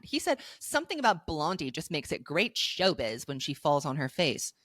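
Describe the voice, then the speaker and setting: Young woman cohost, low voice, sarcastic, gets worked up, dry close sound. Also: sing-song, normal speed, few pauses, no room sound. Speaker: podcast co-host. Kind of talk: casual podcast chat.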